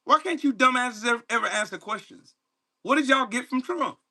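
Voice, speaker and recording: A man's voice: very high-pitched, lively intonation, brisk, pushed and bright. Angry profane man ranting at live chat. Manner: profane, mocking, confrontational. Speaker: livestream host.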